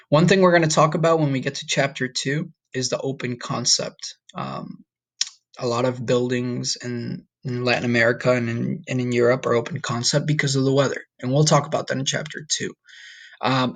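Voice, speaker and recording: This casual recorded online Spanish class is led by a man whose voice is medium-pitched and steady in tone. He draws out Spanish words slowly as models and regularly checks in with "okay?" and "all right?".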